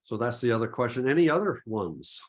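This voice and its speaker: A man's voice: medium pitch, sing-song, brisk. Easygoing middle-aged man, chatty Q&A. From Massachusetts. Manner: easygoing, chatty, frequent restarts and fillers. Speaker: photography presenter. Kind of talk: webinar Q&A.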